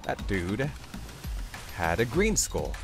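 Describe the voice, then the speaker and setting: A young man giving playful, rambling commentary on his own gameplay, talking to the viewer with sudden loud outbursts. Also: fairly low pitch, huge pitch swings, slow pace, soft background music. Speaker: gaming YouTuber.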